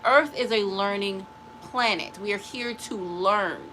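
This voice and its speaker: A woman's voice: mid-range voice, unhurried, noisy background. A middle-aged woman hosting a spiritual live stream, giving a blunt, emphatic motivational talk that repeats phrases for stress. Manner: blunt and dismissive.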